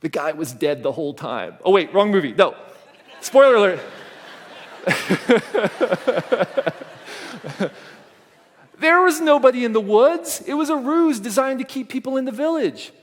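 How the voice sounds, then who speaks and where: A man's voice: very high-pitched, a little fast, hardly any pauses. A middle-aged man giving a motivational conference keynote, telling a family story and acting out the voices in it. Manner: animated storytelling, acts out quoted voices. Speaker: conference speaker. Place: conference hall stage. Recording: long reverb of a large hall.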